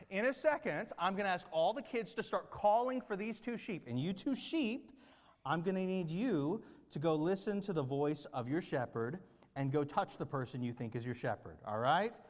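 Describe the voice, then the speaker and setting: Animated man coaching children in a hall. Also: high voice, normal speed. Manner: upbeat, coaxing instructions with many check-in questions. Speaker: children's church teacher. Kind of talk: leading a children's group activity. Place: large room with a platform. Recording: long reverb of a big hall.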